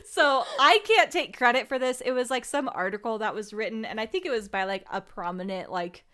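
A woman's voice: on the high side, normal speed, pushed and bright. A young woman co-hosting a podcast in casual chat, blunt and exasperated, with plenty of swearing. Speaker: podcast co-host.

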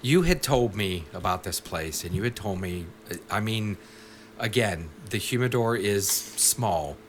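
Man, podcast co-host, lowish voice, wry and dry-humored, faint background noise. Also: animated, measured pace. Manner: wry, joking asides. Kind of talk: casual podcast chat.

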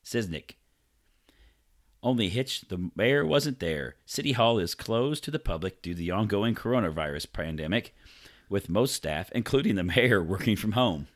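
A man with a very low, deep voice co-hosts a loose podcast. He reads news items aloud, stumbling over names, and keeps breaking off to mock them with profane asides. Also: lively intonation, moderate pace. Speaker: podcast co-host reading news. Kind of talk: casual podcast banter.

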